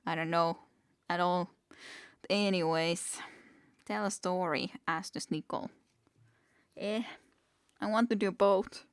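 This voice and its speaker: A woman's voice: on the low side, slow pace, pauses often, clean tone, no room sound, clean studio sound. A woman streaming a game, musing aloud, reading the game text and chuckling often in casual commentary. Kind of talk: casual let's-play commentary.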